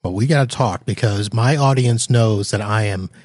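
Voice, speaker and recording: A man's voice: lowish voice, normal speed, a little mellow, breathy edge, no echo, clean studio sound. A man hosting a casual interview, joking and laughing often with his guest. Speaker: show host.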